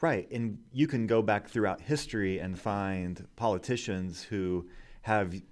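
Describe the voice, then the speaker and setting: A man co-hosting a podcast, explaining scripture in a measured, unhurried way. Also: fairly low pitch. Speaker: podcast co-host. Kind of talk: casual Bible discussion.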